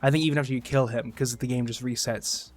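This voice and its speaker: A man's voice: mid-range voice, fairly even intonation, fast talker. A man chatting casually on a gaming livestream, rambling, joking and swearing. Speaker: streamer.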